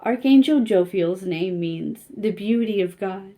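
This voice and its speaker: Woman, spiritual card reader, casual, gentle, halting, mellow tone. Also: medium pitch, lively intonation. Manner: gentle, halting, with many fillers.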